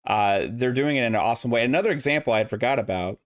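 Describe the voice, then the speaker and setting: A man hosting a casual gaming podcast chat who talks in a relaxed, hesitant way with lots of filler words. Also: mid-range voice, racing.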